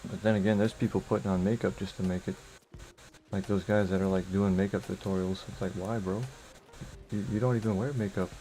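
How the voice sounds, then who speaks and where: A man's voice: sits low, little pitch movement, a little fast, mellow, low-quality recording. A man chatting casually while streaming a game live, rambling loosely, with many fillers and frequent chuckles. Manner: rambling and loose, with lots of "like" and "bro"; chuckles often while talking. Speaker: gaming streamer.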